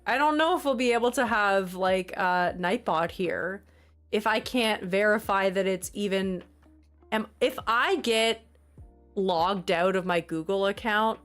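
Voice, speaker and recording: A woman's voice: medium pitch, unhurried, fairly bright tone, faint music behind. A woman streamer chatting casually on a livestream, flustered, exasperated and apologetic.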